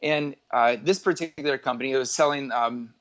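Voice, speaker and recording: As a guest in an interview, a northwest Indiana entrepreneur in his forties rambles through his life story, full of fillers and self-corrections. He speaks briskly in a mid-range voice, and the recording has its highs cut off.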